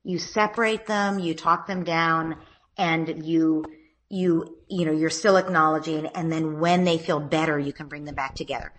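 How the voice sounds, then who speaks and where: A woman and parenting author, guest on an interview, explaining steps in a calm, gentle, instructive way. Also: low voice, moderate pace, rough recording.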